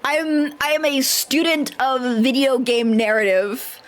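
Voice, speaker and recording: A woman's voice: sits high, fairly even intonation, unhurried. Profane rambling woman streamer. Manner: rambling and profane, with self-mocking asides. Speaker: livestreamer playing a role-playing game. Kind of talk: casual gameplay chat with viewers.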